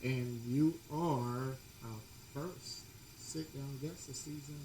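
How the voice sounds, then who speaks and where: A man's voice: slow pace, distant mic. A middle-aged man co-hosting a casual chat, loosely telling stories and laughing. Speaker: podcast co-host. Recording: echoey room with rumbling noise.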